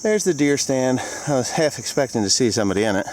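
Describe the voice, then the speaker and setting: A man's voice: mid-range voice, animated, fast, darkish tone, rough recording. Man, middle-aged farmer, out of breath, frank rambling vlog talk, outdoors in fields, faint insect noise. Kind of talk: casual vlog, filming on a walk.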